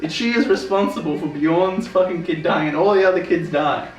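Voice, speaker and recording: A man's voice: on the high side, a little fast, distant mic, soft background music. A young man co-hosting a casual review podcast, rambling and laughing and swearing freely. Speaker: podcast co-host. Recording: roomy, off-mic.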